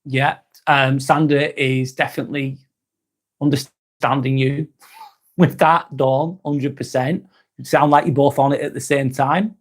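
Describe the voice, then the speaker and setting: A man's voice: mid-range voice, steady tone, measured pace. A man hosting a casual livestream chat, reading out viewer comments, swearing casually and laughing often. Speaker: livestream host.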